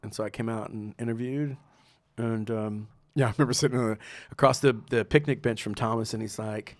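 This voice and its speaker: A man's voice: medium pitch, fairly even intonation, brisk, dry recording. A middle-aged man, a guest on a podcast, telling a story in casual talk, acting out the people he quotes and laughing often.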